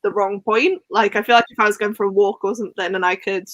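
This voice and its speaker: Young woman chatting on a call, bright voice, dry sound, laughs a lot. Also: mid-range voice, fairly even intonation, quick pace, dry recording. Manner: chatty, laughs often, storytelling. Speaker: book club co-host. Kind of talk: casual chat.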